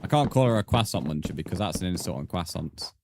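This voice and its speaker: A man's voice: low voice, animated, quick pace, background noise. A man chatting casually on a game live stream, bantering with viewers, swearing, and counting blocks aloud. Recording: background music under voice.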